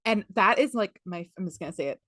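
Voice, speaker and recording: A woman's voice: mid-range voice, lively intonation, fast, sharp tone, no echo. A woman hosting a book club podcast, retelling a story in a rambling, filler-heavy casual chat. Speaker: podcast host.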